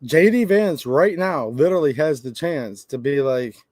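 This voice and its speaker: A man's voice: on the high side, animated, moderate pace, darkish tone, no room sound. A man hosting a channel, ranting brashly in casual livestream commentary to his chat. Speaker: host.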